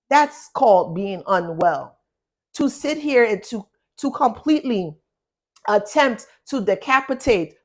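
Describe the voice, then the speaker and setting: Woman tarot reader, fairly high voice, blunt emphatic delivery, repeats herself. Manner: emphatic and blunt, repeats words, swears for stress. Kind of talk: spoken tarot reading to viewers.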